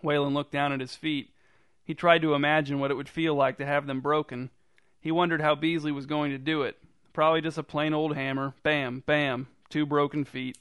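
A man reading a story aloud in a dry, deadpan narrating manner. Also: on the high side, moderate pace, clean tone, no echo. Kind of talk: scripted narration.

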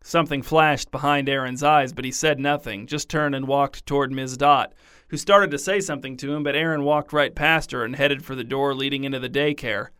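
A man narrating a story in a deadpan, scripted reading. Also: medium pitch, brisk, smooth, no echo, studio quality.

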